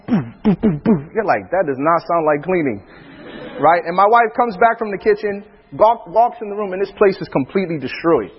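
A man with a high, husky voice tells stories about his family in an animated way, laughing often. He speaks as a preacher in a casual chat. The sound is dull, and a long reverb trails behind it. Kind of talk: storytelling in casual talk.

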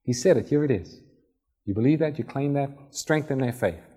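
Male preacher, relaxed storytelling sermon delivery, acts out scenes. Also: mid-range voice, normal speed, breathy edge. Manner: conversational, acts out Bible scenes.

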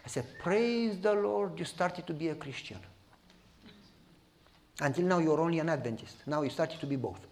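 A man's voice: on the high side, moderate pace, pauses often. A man with a Romanian accent preaching a sermon, telling stories and often asking "You follow me?". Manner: animated, repeats "You follow me?". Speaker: pastor. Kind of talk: sermon storytelling.

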